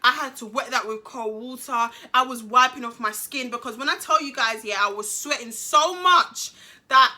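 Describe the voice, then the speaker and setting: A woman's voice: a little high, moderate pace, sharp tone. A young woman telling a dramatic storytime to her viewers, slangy and repeating phrases for emphasis. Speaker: vlogger. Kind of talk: storytime monologue to camera.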